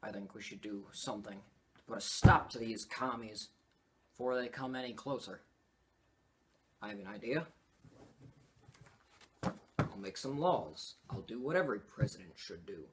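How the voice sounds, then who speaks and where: A man's voice: mid-range voice, fairly bright tone, slight background noise, lightly acted. A man playing a bossy, scheming male president who talks in a blustering, dismissive way.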